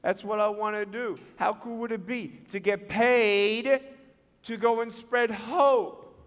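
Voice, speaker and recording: A man giving a storytelling speech to students, animated and acting out the voices in his stories. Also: sits high, slow pace. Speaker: motivational speaker. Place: large school hall. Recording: long hall reverb.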